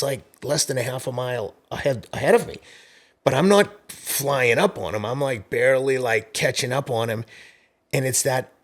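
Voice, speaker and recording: A middle-aged man in his fifties, a podcast guest telling race stories in a casual, animated way. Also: mid-range voice. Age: 50s. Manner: animated storyteller, acts out quoted voices. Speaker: podcast guest, marathon runner. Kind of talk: casual storytelling interview.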